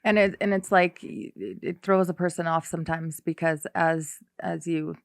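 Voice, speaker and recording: A woman hosting a podcast in casual chat, a quiet, supportive listener. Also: fairly low pitch, steady tone, normal speed, gravelly, dry recording. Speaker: podcast host.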